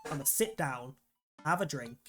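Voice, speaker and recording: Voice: mid-range voice, lively intonation, normal speed, fairly bright tone, faint music behind. A streamer reading a dating game aloud and commenting in a casual, sweary, self-deprecating way.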